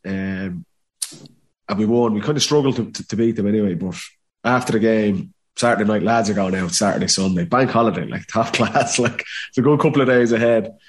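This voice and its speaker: A man's voice: on the low side, brisk. A man in his thirties with a Dublin Irish accent, telling a casual story as a podcast guest, full of acted quotes and laughter. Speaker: podcast guest, former footballer.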